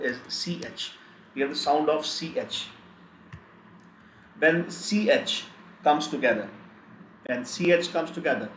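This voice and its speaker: A man teaching a live online language lesson, slowly repeating example words again and again. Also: a little high, roomy sound, slight background noise, rough recording. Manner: slow, repetitive, drills word lists.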